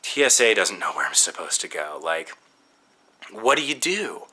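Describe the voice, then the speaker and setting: A man casually recounting a travel anecdote in an exasperated, animated storytelling manner. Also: low-pitched, moderate pace, slightly rough.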